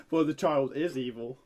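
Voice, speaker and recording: A man's voice: medium pitch, a little mellow. A man interviewing on a live stream, playful and goading, laughing often. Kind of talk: casual livestream chat.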